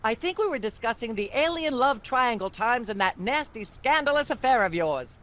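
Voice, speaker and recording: A pompous, high-voiced talk-show host. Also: female voice, lively intonation, normal speed, a bit bright. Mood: haughty. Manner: haughty, droning, endlessly ranting.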